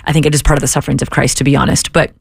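A woman guest on a faith talk show, telling stories in an animated way and acting out the dialogue she quotes. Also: rumbling low, racing, gravelly, husky, dry recording, studio quality.

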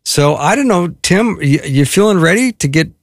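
A male show host who introduces his guest and asks questions, friendly and quick to laugh, with loose phrasing. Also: fairly high pitch, expressive, gravelly, dry recording, studio quality. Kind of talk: interview hosting.

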